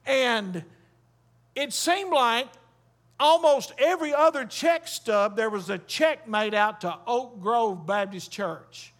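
High-voiced preacher. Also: male voice, slow pace, fairly bright tone. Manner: emphatic preaching with call-and-response. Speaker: Baptist pastor. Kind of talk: sermon.

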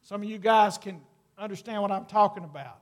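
A middle-aged pastor preaches a sermon in a high-pitched, slightly fast voice. He's earnest and folksy, speaking straight to the congregation and drawing out key words for emphasis.

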